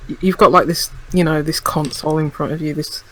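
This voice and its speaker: A woman's voice: sits low, fairly even intonation, brisk, a bit bright. A woman co-hosting a podcast in casual chat, dropping wry, dry quips. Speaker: podcast co-host.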